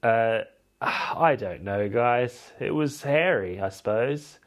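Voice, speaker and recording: A man's voice: medium pitch, lively intonation, takes it slowly. A man hosts his podcast, talking through a film in a loose, chatty recap. His delivery is cheeky and irreverent, and his voice sits in an ordinary middle register. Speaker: podcast host.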